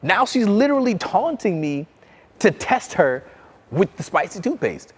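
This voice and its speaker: Animated man giving a keynote. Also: high-pitched, a little slow, slightly rough. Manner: animated, acts out his children's voices. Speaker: keynote speaker. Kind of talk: motivational keynote storytelling.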